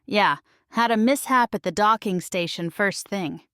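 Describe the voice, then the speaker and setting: A woman voicing a guarded, defensive male delivery driver with a low, gravelly voice. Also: brisk, no echo, studio quality, lightly acted. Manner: defensive, mutters.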